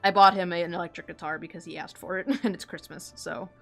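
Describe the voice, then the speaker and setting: A woman's voice: lowish voice, fairly even intonation, fast, creaky, faint music behind. A woman chatting casually while she draws, rambling and giggling, with lots of filler words. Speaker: artist chatting while drawing. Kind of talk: casual chat.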